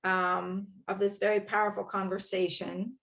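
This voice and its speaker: A woman hosting an interview, asking gentle, measured questions. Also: mid-range voice, flat delivery, vocal fry. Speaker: host.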